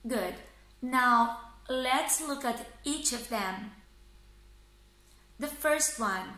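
A woman teaching pronunciation at a very slow, deliberate pace. She says each word twice and checks in with a questioning "yeah?". Her bright, slightly high voice rings in an echoey room. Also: animated. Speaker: English teacher. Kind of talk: slow, careful pronunciation lesson.

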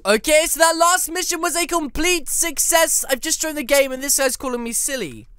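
A woman giving excitable, playful gameplay commentary, melodramatic and mock-indignant. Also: sits high, moderate pace, hardly any pauses, soft background music. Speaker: gaming YouTuber.

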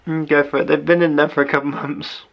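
Guy chatting at home, gravelly and kinda monotone, muffled noisy audio. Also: on the high side, fast. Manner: relaxed, teasing, affectionate. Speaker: co-host vlogger. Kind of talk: casual vlog chat. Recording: dull lo-fi sound with clear background noise.

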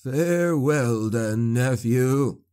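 A man's voice: medium pitch, drawn-out words, mellow, clear, resonant tone. A man voicing a spiteful, mocking captive sorcerer in an audiobook. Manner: sly and taunting, shrieking when enraged.

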